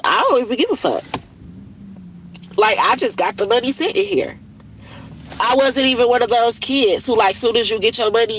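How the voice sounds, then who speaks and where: A woman in her 30s with a medium-pitched voice vents in a casual livestream monologue. She's blunt, swears often, and sounds worn out with frustration. The recording is rough, with faint background noise.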